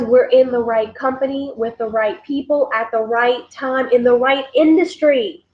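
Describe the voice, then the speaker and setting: A fairly high-voiced woman, rallying her team with quick, repetitive pep talk. The sound is dull and lo-fi, like a home livestream. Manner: energetic, repetitive, keeps addressing listeners as "guys". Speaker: network marketing team leader. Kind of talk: motivational livestream recap.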